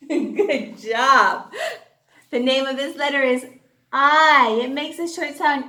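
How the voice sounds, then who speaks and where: A woman's voice: high voice, lively intonation, slow, a bit bright, echoey room. Sing-song woman teaching young children. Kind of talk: children's phonics lesson.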